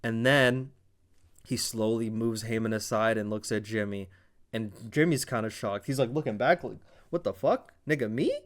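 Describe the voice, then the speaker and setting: A man's voice: on the low side, steady tone, normal speed. A man recapping a wrestling show in casual commentary, retelling it like a dramatic story with profane asides.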